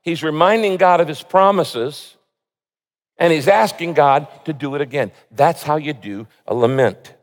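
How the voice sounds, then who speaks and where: A man's voice: a little high, unhurried. Preaching man in a reverberant hall. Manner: earnest preaching, reads scripture with rising emotional emphasis. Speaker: pastor. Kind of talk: sermon.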